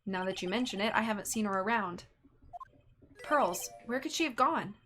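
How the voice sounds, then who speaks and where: A woman's voice: mid-range voice, expressive, normal speed, noisy background, close to an everyday voice. A woman voicing a wry young male defense lawyer in a casual inner monologue, as a dramatic game reading.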